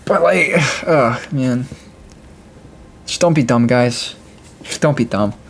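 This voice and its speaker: A man's voice: mid-range voice, takes it slowly, creaky, a little hiss or hum. A young man ranting casually to his viewers, full of fillers, restarts and laughing asides. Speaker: gaming video creator. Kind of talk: casual rant to camera.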